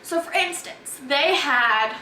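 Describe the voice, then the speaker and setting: A woman's voice: sits high, animated, slow, noisy background. A teenage girl telling a chatty, exasperated storytime about her day out, filmed by a friend. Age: teens. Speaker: vlogger. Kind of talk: storytime vlog. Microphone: camera held by a friend. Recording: echoey room from far off.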